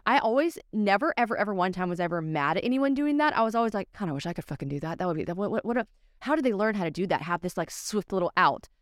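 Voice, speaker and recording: A woman's voice: mid-range voice, lively intonation, quick pace, no echo, clean studio sound. A woman hosting a solo podcast, talking candidly and casually, full of "like" fillers and swearing freely. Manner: frequent "like" fillers. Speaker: podcast host.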